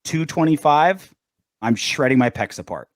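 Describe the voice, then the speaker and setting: A man's voice: a little high, moderate pace, dry recording. A man hosting a sports podcast, chatting casually, riffing and joking with his co-host. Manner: animated, riffing and quoting shows with playful voices. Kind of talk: casual chat.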